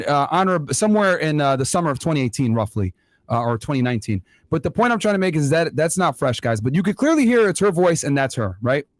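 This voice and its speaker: A man's voice: medium pitch, no room sound. A man hosting an online commentary show, talking emphatically and straight to his viewers. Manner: emphatic, addresses viewers directly.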